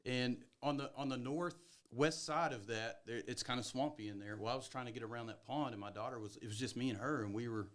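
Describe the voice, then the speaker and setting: A man's voice: medium pitch, fairly quick, few pauses. Self-mocking middle-aged man. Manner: self-deprecating, laughs at himself. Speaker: podcast co-host. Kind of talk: casual storytelling chat.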